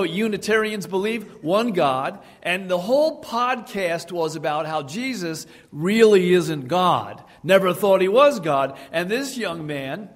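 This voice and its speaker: A man preaching a sermon, emphatic and repeating key phrases for his congregation. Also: on the high side. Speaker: pastor. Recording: long hall reverb.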